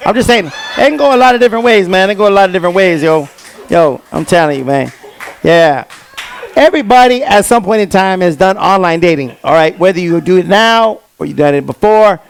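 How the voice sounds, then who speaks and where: A man doing a stand-up comedy set on stage, telling stories with lively quoted voices. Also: sits high, brisk, gravelly, slight background noise. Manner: animated storytelling with quoted voices. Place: comedy stage before a live audience.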